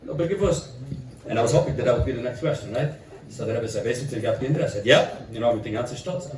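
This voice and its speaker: A middle-aged man from Italy, a rabbi, telling an animated story at a gathering and dropping in Yiddish and Italian phrases. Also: medium pitch, racing, slight background noise. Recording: roomy echo from far off.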